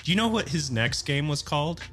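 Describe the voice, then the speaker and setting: A man's voice: fairly high pitch, a little fast, soft background music. A man co-hosting a casual podcast, chatting and reading game history notes with light chuckles. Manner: relaxed, reads dates and facts, chuckles. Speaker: podcast co-host.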